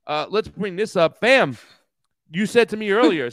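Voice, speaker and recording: A man with a notably high voice rants in a heated, profane way as co-host of a casual political talk show. The sound is dry and close, with no room around it. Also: lively intonation, normal speed, a bit bright, dry recording.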